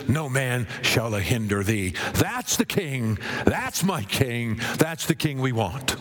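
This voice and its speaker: A man preaching a sermon with great drama, swinging from ringing, sung-out high lines to low, hushed words. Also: sing-song, takes it slowly, few pauses. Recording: long hall reverb.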